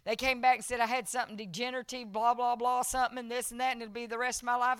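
A woman preaching a revival sermon, telling a personal testimony, swinging from soft storytelling to loud, emotional preaching. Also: fairly high pitch, flat delivery, racing, few pauses, smooth, no room sound, clean studio sound.

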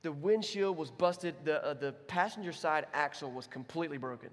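A young adult man delivers a sermon from a church, talking in a relaxed, conversational way as he tells stories. His voice sits a bit high for a man, and a long reverb from the hall trails each phrase. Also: moderate pace, few pauses. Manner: storytelling, conversational, voices quotes with big swings. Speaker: pastor. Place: church sanctuary.

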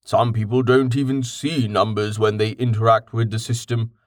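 A man voicing a calm, patient explainer. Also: medium pitch, normal speed, no echo, clean studio sound, close to an everyday voice. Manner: patient, explanatory, matter-of-fact. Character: patient man, well-read, calmly explaining.

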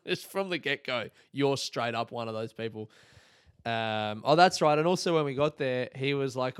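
Guy on his podcast, rambling sweary story, smooth voice, dry close sound. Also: medium pitch, lively intonation, normal speed, no room sound. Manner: rambling, sweary, self-mocking. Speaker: podcast host. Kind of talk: casual comic storytelling monologue.

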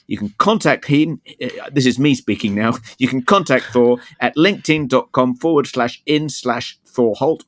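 A male podcast host reads through a sponsor advert in a steady, mid-pitched voice. He breaks off now and then with dry, wry asides. The sound is close and dead, with no room around it. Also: no room sound.

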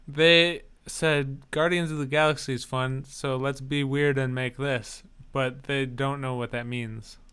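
A man talks through upcoming films with a co-host in an easy, casual way. His voice is bright and strikingly clean, and his jokes land dry and matter-of-fact. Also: mid-range voice, steady tone, unhurried, hardly any pauses, clear, resonant tone. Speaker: podcast co-host. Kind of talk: casual movie chat.

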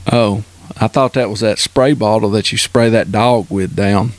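A man teasing a friend in casual chat on a video call, playful and quick to laugh. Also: on the low side, steady tone.

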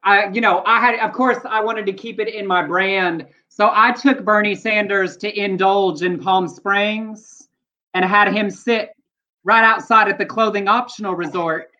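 A man co-hosting a casual live internet show, telling jokes and stories with lively energy. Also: high voice, measured pace, dull audio. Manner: animated, joking storyteller. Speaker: co-host.

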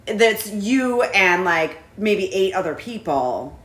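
A woman's voice: medium pitch, lively intonation, slow pace, a bit bright. Chatty podcast lady rambling through a story, lots of like, roomy echo. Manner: chatty storyteller, many fillers. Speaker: podcast co-host. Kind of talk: casual chat.

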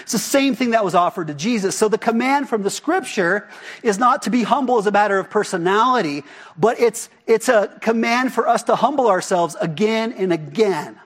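A man preaches a sermon in a husky, high-pitched voice that rises and falls a lot. He talks to the congregation casually and keeps asking them rhetorical questions. The sermon is delivered in a church hall. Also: animated, normal speed, a bit bright. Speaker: pastor.

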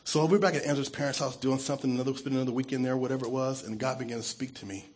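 A man who is a pastor, giving an earnest and emotional testimony sermon, his voice dropping soft when he is moved. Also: medium pitch, steady tone, rapid-fire.

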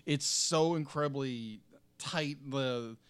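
A man's voice: medium pitch, slow pace, clean tone, no echo. A man co-hosting a casual movie review, gushing with enthusiasm and often restarting as he searches for words.

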